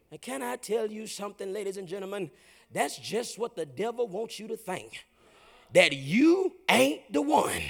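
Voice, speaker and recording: High, gravelly preaching man. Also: big pitch swings, normal speed. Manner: call-and-response preaching, rising to shouts. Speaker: pastor. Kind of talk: sermon. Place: church with congregation.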